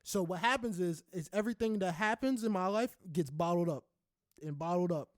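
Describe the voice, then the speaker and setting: Young guy on a podcast, kinda high voice, dry sound, cusses a lot, keeps going "right?". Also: brisk, dry recording. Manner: candid, swears freely, often tags lines with "right?"; rises into loud animated ranting. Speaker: podcast co-host. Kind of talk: casual podcast chat.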